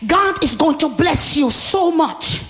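A woman preacher delivering an exuberant sermon, often shouting, laughing and calling for responses from the congregation. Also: high-pitched, lively intonation, slow pace, soft background music.

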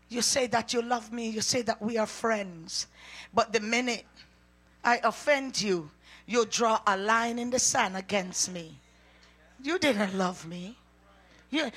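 A woman preaching a sermon, reading scripture and shouting out to the congregation with emphatic calls. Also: fairly high pitch.

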